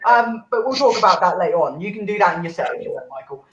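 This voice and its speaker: A man's voice: high voice, expressive, fast, fairly bright tone. A man hosting an online comedy show, chatting casually in a sweary, self-mocking way. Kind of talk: casual live-stream banter. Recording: roomy dull home mic with faint noise.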